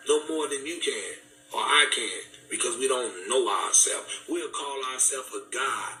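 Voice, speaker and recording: A man's voice: mid-range voice, bright, forceful tone. A man giving an impassioned, preaching talk, fervent and repetitive, in casual vernacular. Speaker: speaker. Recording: echoey room, distant mic, faint music.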